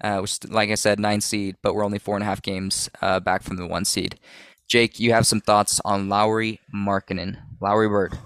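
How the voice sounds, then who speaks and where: Low-voiced joking podcast guy. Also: level tone, moderate pace, a bit bright, smooth, no echo. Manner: joking, sarcastic, leads the segments. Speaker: podcast co-host. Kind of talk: casual chat.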